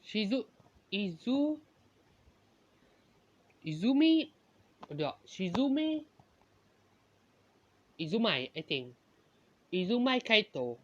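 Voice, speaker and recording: Slow, hesitant woman telling a fan story. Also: mid-range voice, very animated. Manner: hesitant, often corrects herself mid-sentence. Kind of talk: improvised fan-story narration. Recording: dull lo-fi recording.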